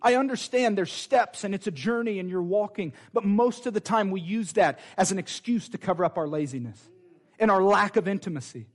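Man preacher, high voice, fervent and chatty, sermon delivery. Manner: fervent, conversational preaching with quick asides.

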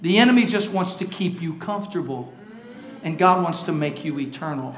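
An older man preaching a sermon as pastor in a church, leading the congregation in call-and-response and building up to shouts. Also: on the high side, normal speed, roomy sound. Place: church sanctuary.

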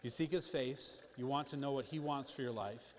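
A man preaching a sermon in a conversational, emphatic way, with quick asides to the congregation. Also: medium pitch, a little hiss or hum. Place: church sanctuary. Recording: long church-hall reverb.

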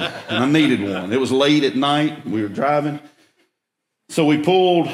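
Folksy preacher man, echoey room. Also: medium pitch. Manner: folksy, self-mocking, emphatic. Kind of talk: storytelling sermon.

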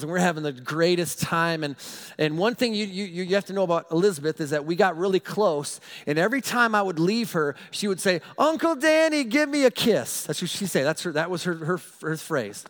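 High-voiced animated man preaching. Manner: animated, self-mocking storyteller who stumbles and repeats words. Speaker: pastor. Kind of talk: storytelling sermon.

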